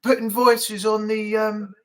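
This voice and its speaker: A man's voice: sits high, flat delivery, measured pace. A man hosting a casual live-stream chat, talking in a rambling, easygoing way with frequent laughs.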